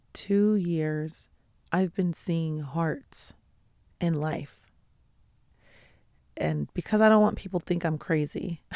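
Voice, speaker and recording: A woman hosts her own show and tells personal stories with earnest, heartfelt sincerity. Her voice sits a little low and carries a gravelly, fry-tinged texture. She speaks slowly and deliberately, and the sound is close and dry. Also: warm tone, dry recording. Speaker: podcast host. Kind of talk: personal storytelling talk.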